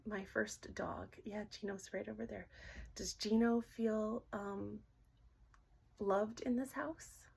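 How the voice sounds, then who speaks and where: A middle-aged woman gently asking questions aloud in a casual session, hesitant and often dropping to a whisper. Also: medium pitch, vocal fry, husky. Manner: soft-spoken, halting, often drops to a whisper. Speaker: dowsing-rod reader.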